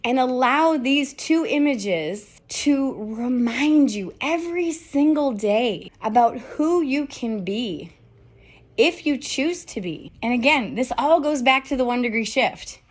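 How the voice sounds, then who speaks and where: A woman's voice: high voice, animated, slow pace. A middle-aged woman hosting a motivational podcast, talking candidly and emphatically, firing off rhetorical questions and swearing freely. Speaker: podcast host.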